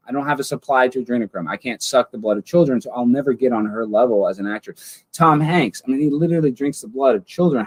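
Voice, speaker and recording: A man hosting a comedy show over an online call, talking in a mock-earnest, deadpan way. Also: medium pitch. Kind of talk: satirical comedy banter.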